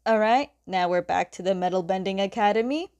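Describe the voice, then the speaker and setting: A woman's voice: medium pitch, brisk, darkish tone, clean tone, highs cut off. A young woman casually recapping a comic story, chatty, laughing often and leaning on "like.".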